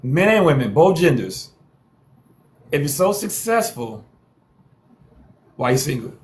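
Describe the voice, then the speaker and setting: A man's voice: on the high side, very animated, a little slow. A man hosting a live call-in panel show, talking in a slangy, teasing way and repeating lines for effect. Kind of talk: casual live-stream talk.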